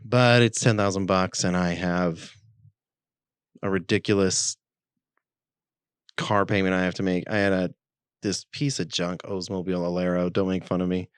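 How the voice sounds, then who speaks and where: A man's voice: sits low, normal speed, long pauses, smooth, no room sound, studio quality. A man co-hosting a podcast, telling a story in casual chat and acting out the quotes with animation. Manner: animated, acts out quoted speech. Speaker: podcast co-host.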